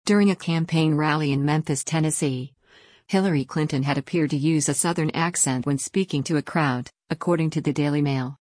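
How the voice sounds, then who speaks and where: A woman reading a news article aloud in a steady, scripted way. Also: sits low, brisk, no room sound. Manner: even, read-aloud delivery. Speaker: news reader.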